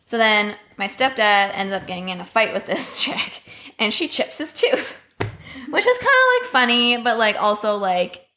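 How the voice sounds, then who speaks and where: A woman's voice: medium pitch, sing-song, moderate pace, pushed and bright. Candid, profane woman. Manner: candid, profane, heavy filler words. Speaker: podcast guest. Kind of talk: casual storytelling.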